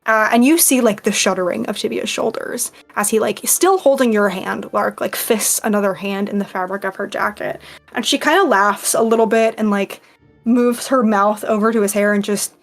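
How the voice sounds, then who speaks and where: A woman's voice: mid-range voice, normal speed, vocal fry, soft background music. Woman game master narrating with fillers. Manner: loose, full of fillers.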